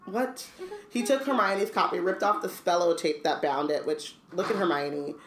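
A woman's voice: on the low side, lively intonation, normal speed, slight background noise. A woman reading a book aloud on a podcast with casual asides and filler ums. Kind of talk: casual book read-along chat. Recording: roomy echo.

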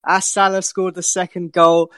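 A man's voice: high-pitched, level tone, moderate pace, pushed and bright, clear, resonant tone, no room sound. A man on a football podcast panel, telling stories animatedly and swearing casually. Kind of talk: casual chat.

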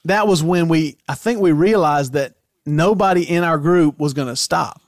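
A man in a casual podcast chat, thinking aloud in long rambling sentences and circling back on himself. His voice sits a little high and sounds dry and close to the mic. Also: normal speed, no echo. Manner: reflective, rambling with restarts. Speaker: band member guest.

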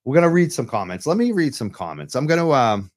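A man's voice: mid-range voice, big pitch swings, fast talker. Impassioned man hosting a livestream. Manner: impassioned, urgent advocacy. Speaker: livestream show host. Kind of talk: live-streamed talk show. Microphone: computer mic while on webcam.

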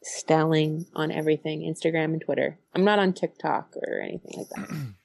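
A woman's voice: deep voice, moderate pace, vocal fry, darkish tone. A woman in her thirties, chatting playfully as a guest on a podcast. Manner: playful, jokey. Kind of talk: casual chat.

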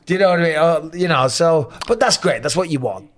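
Man, 40s, retired fighter reacting to old fights, animated and salty, voice a touch high. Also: a little fast. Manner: animated storyteller, acts out quotes, swears freely. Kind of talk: casual chat reacting to fight footage.

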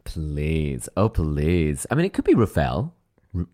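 A man's voice: rumbling low, wildly swooping pitch, takes it slowly, mellow. Posh-sounding man chatting. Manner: posh-sounding, playful and teasing. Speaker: podcast co-host. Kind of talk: casual chat.

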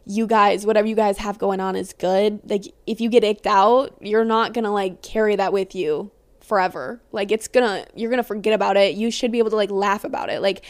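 A woman's voice: medium pitch, steady tone, fairly quick. A young woman hosting a podcast in casual, rambling chat, giggly and freely swearing. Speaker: podcast host.

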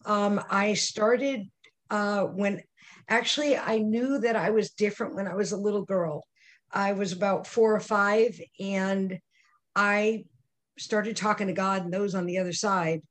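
An older woman, a guest on a podcast, telling childhood stories in an animated way and voicing the people in them. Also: mid-range voice, measured pace. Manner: animated storyteller acting out quoted voices. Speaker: psychic medium guest. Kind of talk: storytelling interview answers.

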